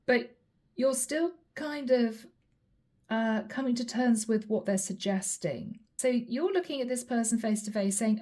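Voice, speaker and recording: A woman talks through a tarot reading with a fairly high but mellow, soft-edged voice. She keeps laughing as she goes and slips into the other person's words to act out their side. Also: unhurried. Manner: laughs often while reading, acts out what the other person says. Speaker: tarot reader.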